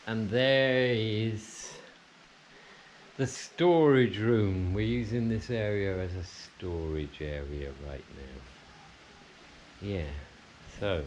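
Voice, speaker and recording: Speaking very slowly in a fairly low, slightly mellow voice with frequent pauses, a man vlogs a rambling walk-through of his house that moves outdoors to a plantation, restarting often. Slight background noise is present.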